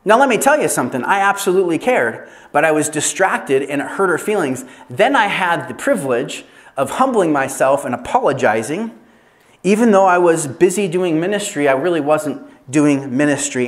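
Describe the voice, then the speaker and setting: A man preaching a sermon as a pastor, telling animated stories with laughter and self-deprecating asides. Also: a little high, moderate pace. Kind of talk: sermon at an evangelism training.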